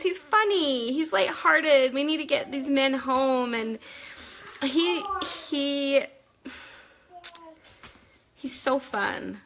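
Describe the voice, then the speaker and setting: A woman talking earnestly to supporters on a phone livestream from home, chatty and warm in her storytelling. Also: high-pitched, drawn-out words, pauses often. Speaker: wife giving a family update to supporters. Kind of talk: casual livestream talk.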